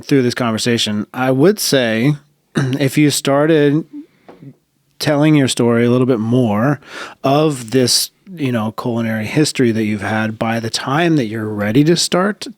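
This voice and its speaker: A man's voice: medium pitch, measured pace, no echo. Laid-back man hosting a podcast chat. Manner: encouraging, many short agreements. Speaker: podcast host. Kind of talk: casual interview chat.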